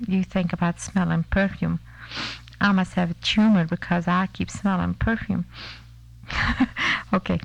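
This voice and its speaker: A woman's voice: mid-range voice, vocal fry. A woman rambling in a chatty way as she records a spoken audio letter to a family member far away. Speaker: mother recording a tape letter.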